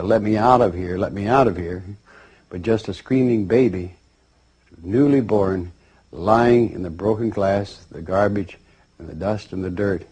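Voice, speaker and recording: A man's voice: lowish voice, warm tone, breathy edge. A man giving a spoken lecture, telling it as a story with voiced characters. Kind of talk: spoken lecture with acted dialogue.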